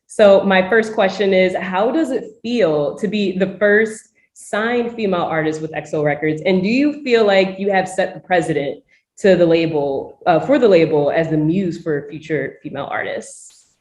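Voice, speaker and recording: Woman host, slightly low voice, upbeat, roomy echo on the call. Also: moderate pace, a little mellow. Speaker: podcast host. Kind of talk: interview questions. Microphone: video call.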